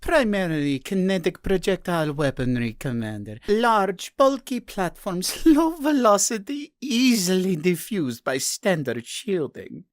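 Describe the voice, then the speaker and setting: A man's voice: sits high, big pitch swings, measured pace, hardly any pauses, no echo, clean studio sound, voice pushed up. A man voicing a thin-voiced, chirping alien subordinate on a starship bridge, speaking over a crackling comm. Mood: eager reporting.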